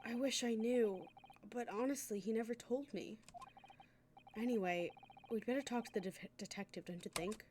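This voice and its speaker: A woman's voice: a little high, moderate pace, a little mellow, slight background noise, close to an everyday voice. A woman reading a hesitant young lawyer. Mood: puzzled. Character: young male Japanese defense lawyer, unsure but determined. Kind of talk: reading game dialogue aloud on stream.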